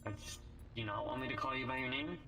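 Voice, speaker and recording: A man playing a character in an online roleplay, talking in a lively, exasperated way. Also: mid-range voice, racing, creaky. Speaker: roleplay player. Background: music.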